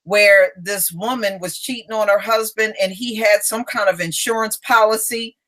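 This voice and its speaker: A woman hosting a live stream in casual chat, telling a story and lifting her pitch to act out quotes. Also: steady tone, a bit bright. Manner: quick affirming backchannel.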